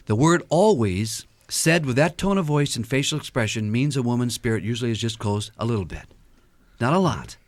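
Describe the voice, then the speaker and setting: A man speaking as a guest counselor on a radio talk show, his middle-pitched voice rising and falling a great deal. He tells stories with energy and acts out what people said. The sound is close and dry. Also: brisk, no room sound. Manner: animated storyteller who acts out quotes.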